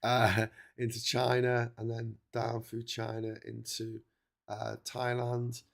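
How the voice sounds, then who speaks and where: A middle-aged man from England, audibly with a cold, rambles through a casual livestream chat, stopping, restarting, and filling gaps with ums and uhs. His ordinary middle-pitched voice is monotone, slow, and gravelly, with a fairly bright tone.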